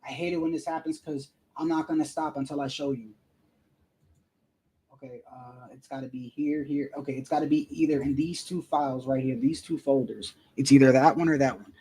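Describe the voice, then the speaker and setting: A man's voice: medium pitch, fairly even intonation, brisk, dark tone, slightly rough. A man giving casual, heated commentary, profane and repeating himself as he rants. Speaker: boxing commentary streamer.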